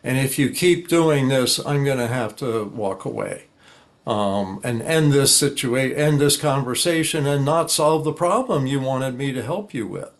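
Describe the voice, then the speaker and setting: Calm older man explaining patiently. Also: medium pitch, a little slow. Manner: calm, explanatory, acts out sample dialogues. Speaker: guest expert on high-conflict people. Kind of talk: conversational interview.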